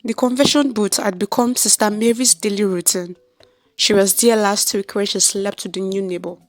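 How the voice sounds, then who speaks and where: A woman with a Nigerian accent, narrating a folktale in an expressive storytelling style. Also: mid-range voice, moderate pace.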